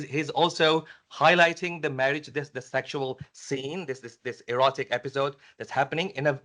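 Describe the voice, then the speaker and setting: A man's voice: on the high side, fairly bright tone. Hesitant man answering at an academic panel. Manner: hesitant, many restarts and fillers. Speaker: conference presenter answering a question. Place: university lecture room.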